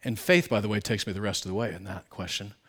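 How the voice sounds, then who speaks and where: Speaking fast in a husky voice, this pastor preaches in a frank, chatty manner full of asides. His delivery alternates between forceful loud outbursts and hushed, low comments.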